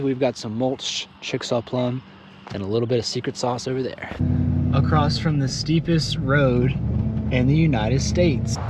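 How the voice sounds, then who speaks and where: A man's voice: medium pitch, heavy background noise. A man casually vlogging outdoors, chatty and joking as he explains planting trees. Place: outdoors in fields.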